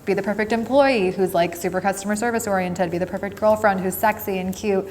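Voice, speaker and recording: A woman's voice: mid-range voice, fairly even intonation, quick pace, a little mellow, long reverb tail, slight background noise. A woman, an actor, talking casually and upbeat in an interview.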